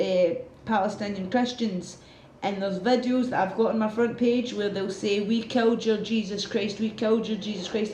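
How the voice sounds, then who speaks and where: A woman's voice: medium pitch, a little mellow, roomy sound, a little hiss or hum. A woman hosting a casual livestream, ranting heatedly with a lot of swearing and reading out viewer comments. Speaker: livestream host.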